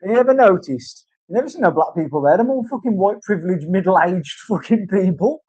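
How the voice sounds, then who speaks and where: A man's voice: high voice, expressive, a little fast, darkish tone, breathy edge, no room sound. A man in casual chat, rambling and swearing through banter in a tattoo studio. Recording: dull, dry lo-fi sound.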